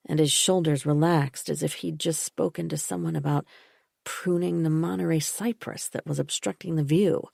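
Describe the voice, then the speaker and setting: Low, gravelly woman narrating a thriller. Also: no room sound, studio quality. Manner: steady and measured. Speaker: audiobook narrator. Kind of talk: first-person scripted narration.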